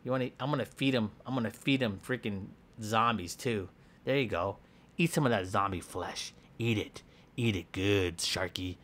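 A man voicing a goofy, excitable schoolboy hero in a comedic game voiceover, jumping between squeals and mutters. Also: lowish voice, moderate pace. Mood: playful. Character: hyper boastful schoolboy hero with a pet shark. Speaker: gameplay voice actor.

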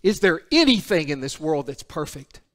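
A man preaching a sermon, alternating emphatic declarations with hushed, intimate passages. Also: a little high, big pitch swings, normal speed. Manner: emphatic, drops to a hushed intimate voice for solemn points.

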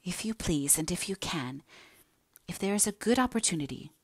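A woman reads as an earnest young heroine, anxious and full of remorse, pleading as she confesses. Her voice sits rather low. The sound is dry and close-miked. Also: animated, normal speed, husky, dry recording. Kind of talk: audiobook character reading.

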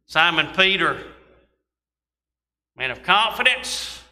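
A man's voice: sits high, big pitch swings, slow pace, pushed and bright. A man preaching a sermon, reading scripture and adding folksy asides. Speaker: pastor. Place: church sanctuary. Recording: long church reverb.

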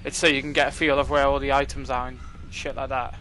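A young man giving casual, excitable commentary while playing a game, joking and swearing at what happens on screen. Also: medium pitch, fast, slight background noise. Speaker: gaming commentator.

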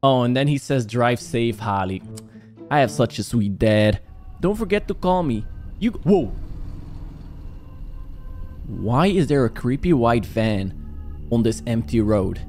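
A man doing joking, animated play-by-play commentary while playing a horror game. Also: medium pitch, unhurried, pauses often, soft background music. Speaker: gaming YouTuber.

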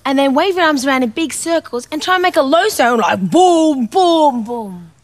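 A woman presenting a children's TV sketch, excited and friendly. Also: high voice, quick pace. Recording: music playing behind.

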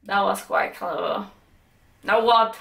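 A woman hosting a movie reaction, chatting excitedly and swearing casually as she watches. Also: medium pitch, slow, gravelly, echoey room, background noise.

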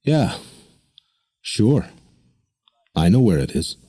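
A man doing a gruff, blunt loner sailor. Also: big pitch swings, takes it slowly, dark tone, dry recording, studio quality, exaggerated voice. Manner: blunt, terse, gravelly low.

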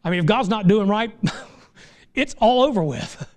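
High-voiced preacher man, folksy, building to fervor. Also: expressive, measured pace, darkish tone. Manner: folksy, rises to impassioned crescendos. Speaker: pastor. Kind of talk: sermon.

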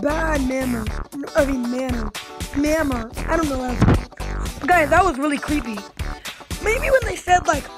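A woman with a high voice talks viewers through a game she is playing. She reacts in a jumpy, excitable way and keeps speaking straight to her audience. Clear game music plays under her voice. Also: low-quality recording. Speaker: gaming video host. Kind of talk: gameplay commentary.

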